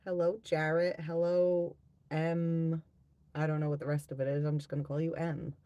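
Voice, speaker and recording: A woman's voice: low-pitched, flat delivery, moderate pace, mellow, no room sound, lo-fi sound. A woman hosting a live tarot-reading stream, chatting casually with viewers, reading out their comments and swearing freely.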